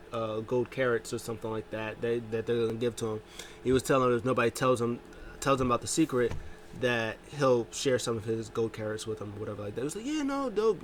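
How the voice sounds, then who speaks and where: A man casually recapping a wrestling show, telling it with lively jumps into quoted lines. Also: a little hiss or hum. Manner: animated retelling, jumps pitch to quote wrestlers.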